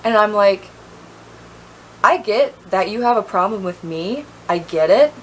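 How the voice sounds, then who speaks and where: A young woman tells a storytime vlog in a heated, rambling rant, full of likes and ums. Her voice sits at a middle pitch and she sounds a little tipsy. A faint hiss runs under the recording. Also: expressive, unhurried, low-quality recording. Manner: heated, ranting, lots of fillers.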